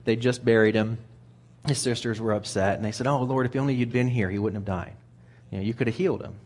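A man's voice: mid-range voice, steady tone, fast talker, darkish tone. A man preaching a sermon in a conversational way, often repeating words as he thinks aloud.

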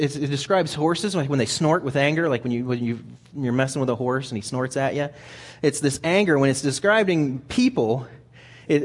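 A man's voice: on the high side, darkish tone. A man preaching a sermon in a conversational way, often repeating words as he thinks aloud.

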